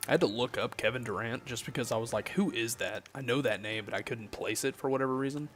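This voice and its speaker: A man's voice: mid-range voice, fast, a bit bright. A young man chatting casually on a gaming livestream, joking and reading chat aloud, with faint music behind him. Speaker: streamer.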